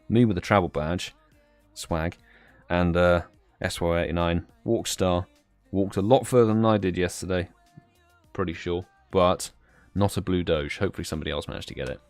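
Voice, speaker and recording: A young British man hosts a live stream, chatting casually and greeting viewers by name in British English. His voice is low-pitched, and there is no echo.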